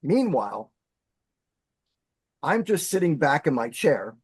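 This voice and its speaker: A man telling a story as a podcast guest, animated and dramatic in his delivery. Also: on the high side, slow, husky, no echo. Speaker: podcast guest, former bassist. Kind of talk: storytelling in casual chat.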